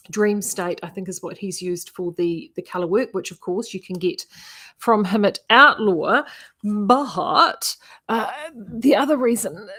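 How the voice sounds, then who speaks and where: A woman's voice: medium pitch, a bit bright. A woman, chatting enthusiastically to viewers on a live stream about knitting yarns and color contrast. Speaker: yarn shop owner and video host.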